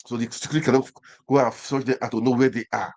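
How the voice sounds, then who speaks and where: A man's voice: medium pitch, fairly even intonation, fast, darkish tone. A man with a Nigerian accent hosting an online show, delivering an impassioned commentary monologue full of repeated phrases and rhetorical questions.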